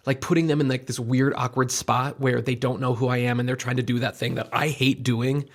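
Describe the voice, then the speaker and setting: A man hosting a podcast, chatting casually and telling an animated story, acting out the voices of the people in it. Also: medium pitch, brisk. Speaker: podcast host. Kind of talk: casual chat.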